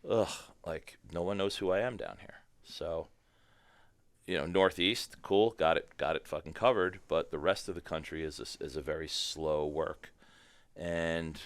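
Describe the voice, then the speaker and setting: Low smooth-voiced guy swapping profane stories on a podcast, dry close sound. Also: moderate pace, no echo. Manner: animated, profane storytelling. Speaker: firearms trainer, podcast guest. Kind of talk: casual podcast chat.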